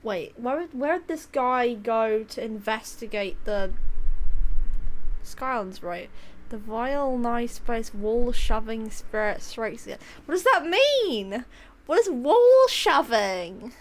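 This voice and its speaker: A woman's voice: a little high, lively intonation, slow pace, slight background noise. A woman streaming a video game, giving rambling, giggly, self-mocking commentary. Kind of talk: casual gameplay commentary.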